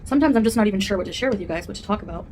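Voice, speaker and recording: A chatty woman eating on camera at home and rambling candidly between bites. Her voice sits at a middle pitch, with a faint room ambience murmuring behind her. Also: animated, very fast, a little mellow, slight background noise. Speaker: food vlogger. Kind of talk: casual mukbang chat.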